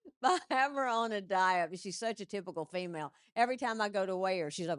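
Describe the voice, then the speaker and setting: A woman comedian telling animated stand-up stories into a stage mic and laughing at her own jokes. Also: mid-range voice, fast, smooth, no echo, studio quality.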